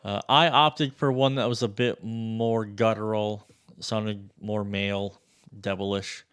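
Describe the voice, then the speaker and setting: A man demoing a sample library in a casual, excitable walkthrough, loose and swearing freely. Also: on the low side, slow, clean tone. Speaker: music producer reviewing a sample library.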